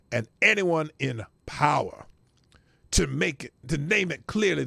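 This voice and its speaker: Gravelly, lively-voiced sarcastic male host. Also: on the high side, no echo. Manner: sarcastic, stumbles over words and laughs at himself. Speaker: podcast host. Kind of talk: reading news aloud with sarcastic commentary.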